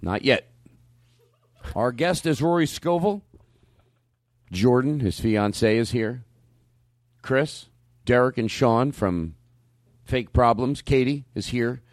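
A male comedy host with a lively, swooping voice, playing at strict authority while he shushes the room and breaks into laughs. The sound is dry and close, with no room around it. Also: medium pitch, takes it slowly, long pauses, no echo. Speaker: podcast host. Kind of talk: comedic banter. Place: studio.

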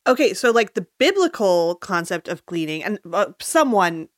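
A woman's voice: medium pitch, very animated, moderate pace, no echo, clean studio sound. A woman co-hosting a podcast, chatting casually and explaining things in friendly, rambling asides. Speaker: podcast co-host. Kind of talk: casual chat.

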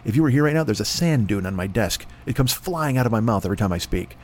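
Riffing man with a lively voice. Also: on the low side, fast talker. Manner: riffing, profane, mock announcer voices. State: dry throat. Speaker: podcast host. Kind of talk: comedic rambling ad read.

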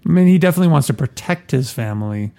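A man's voice: medium pitch, expressive, very fast, warm tone. A man co-hosting a podcast in casual, playful chat, laughing often. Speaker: podcast co-host.

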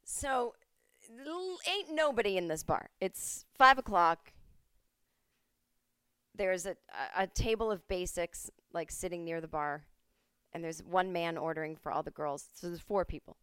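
A woman in her forties hosts a podcast from home, telling a rambling story in casual, profane chat. She slips into the voices of the people she quotes. Her voice is smooth and resonant, recorded close and dry with no room sound. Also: on the low side, lively intonation, measured pace, a bit bright, no echo. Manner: chatty, swearing, acts out quoted voices. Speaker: podcast host.

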